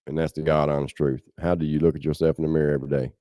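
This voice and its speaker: Southern man, podcast host, deep and mellow, blunt and impassioned. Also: flat delivery, racing, dry recording, studio quality. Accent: Southern American. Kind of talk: casual livestream commentary.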